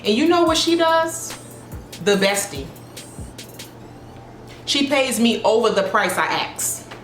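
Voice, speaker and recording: A woman hair stylist telling a story at home in a sassy, blunt, animated way. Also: fairly high pitch, slow. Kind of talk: casual storytime vlog. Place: her home. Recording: echoey room with faint music.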